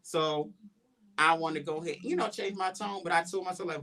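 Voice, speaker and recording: A man hosts a relaxed podcast conversation. He tells a personal story with lively expression and keeps slipping into what he said to himself at the time. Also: fairly high pitch, brisk. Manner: animated storytelling, quoting his own thoughts aloud. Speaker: podcast host.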